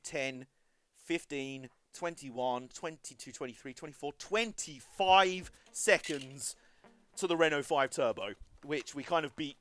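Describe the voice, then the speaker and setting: A man's voice: on the high side, fairly bright tone. A man chatting casually and self-deprecatingly as he live-streams a racing game, wandering into side stories.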